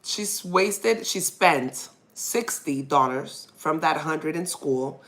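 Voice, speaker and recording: A woman's voice: low voice, lively intonation, slow pace, fairly bright tone. A mother hosting her own podcast, telling a personal story in a candid, rambling way and laughing when nervous.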